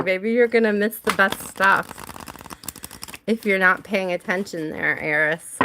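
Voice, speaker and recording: Against a noisy background, an American tarot reader with a mid-range voice talks at a measured pace. She runs a chatty livestream, reading viewer names aloud and laughing often as she talks with them.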